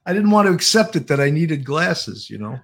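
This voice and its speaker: A man co-hosting a casual chat, jokey and quick to laugh. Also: on the high side, big pitch swings, vocal fry, fairly bright tone.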